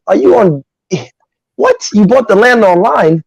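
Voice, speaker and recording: Man from Nigeria, podcast guest, casual chat, emphatic storyteller, slightly high voice, dry close sound. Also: unhurried, gravelly, no echo, rough recording. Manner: animated, emphatic storytelling with frequent asides.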